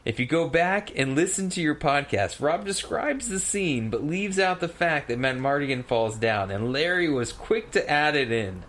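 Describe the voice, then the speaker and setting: A man's voice: a little high, animated, normal speed, hardly any pauses, fairly bright tone. A man in his thirties co-hosting a podcast, reading messages aloud and riffing on them with laughter. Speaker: podcast co-host. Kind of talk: casual chat, reading listener mail.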